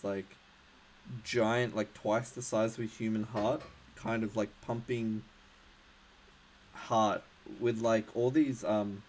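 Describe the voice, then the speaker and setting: A man runs a tabletop game session, narrating slowly and haltingly, his speech crowded with fillers and restarts. His voice sits low, and a faint noise hum lies under the recording. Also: a little mellow, rough recording. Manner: hesitant, many fillers and restarts. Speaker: game master.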